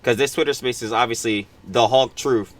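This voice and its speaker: A young man giving casual, slangy commentary as the host of a reaction channel. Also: mid-range voice. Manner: slangy, fast and animated.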